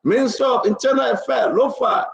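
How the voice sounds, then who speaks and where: A man's voice: very high voice, brisk, creaky. A man with a Liberian English accent giving heated, emphatic political commentary as a live-stream talk host, repeating his points and calling out panelists directly. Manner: emphatic and repetitive, hammering points home, speaks directly to panelists. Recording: roomy echo.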